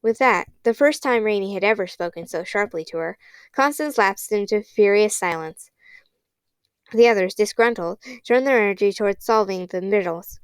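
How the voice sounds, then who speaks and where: A woman reads a children's novel aloud in a steady, expressive storybook narration. Her voice is mid-pitched, smooth and clear. The recording is close and dry, with no room sound. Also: normal speed, dry recording. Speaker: audiobook reader.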